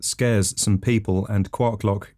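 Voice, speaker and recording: A man hosting a comedy podcast, telling rambling absurd stories in a deadpan, matter-of-fact way and sometimes correcting himself mid-line. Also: on the low side, slow pace. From England.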